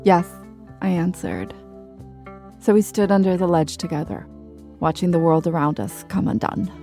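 Argentine-born woman narrator, reflective personal storytelling, gravelly low register. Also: sing-song, moderate pace, music in the background. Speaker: journalist and narrator.

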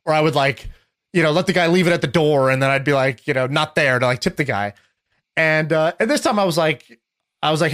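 A man's voice: on the high side, fast, fairly bright tone. A young man telling stories in casual conversation, rambling with lots of filler words and restarts.

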